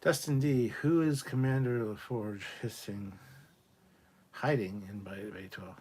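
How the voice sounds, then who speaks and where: A man's voice: on the low side, steady tone, measured pace, darkish tone, slightly rough. A man hosting a casual live stream, reading viewer questions aloud and answering them bluntly, with plenty of swearing and muttered asides.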